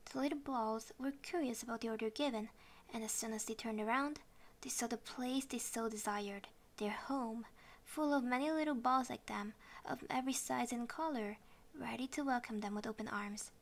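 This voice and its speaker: A woman's voice: fairly high pitch, normal speed. Woman reading a children's story. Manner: expressive storybook reading, non-native English. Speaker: narrator.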